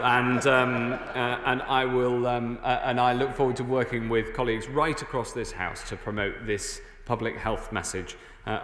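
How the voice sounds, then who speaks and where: A man's voice: mid-range voice, fairly bright tone. Man in a hall-like echoing chamber. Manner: halting, filled with uh and um. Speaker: government minister answering MPs. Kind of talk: parliamentary statement. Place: large debating chamber, indoors. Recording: echoey chamber with long reverb.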